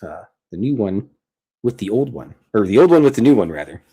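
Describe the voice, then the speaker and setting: A man speaks in a fairly low, warm, husky voice, very animated and a little fast. As host of a casual livestream from his home art studio, he draws while chatting, rambling on and cutting himself off mid-sentence.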